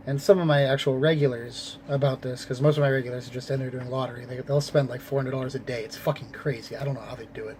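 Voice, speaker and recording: A convenience store clerk telling a story to camera in a casual, profane, animated way. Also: male voice, medium pitch, slight background noise.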